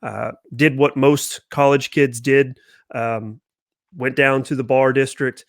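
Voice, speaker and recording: A young man hosting a casual interview, talking in a relaxed, rambling way. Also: mid-range voice, slow, dry recording, clean studio sound. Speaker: podcast host.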